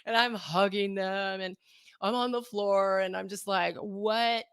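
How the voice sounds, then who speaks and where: A woman in her thirties, a guest on an interview, telling a candid personal story with animated, self-mocking delivery. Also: mid-range voice, a little slow, clean tone, no echo, clean studio sound. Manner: animated, acts out her own past thoughts in quotes. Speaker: interview guest, life coach.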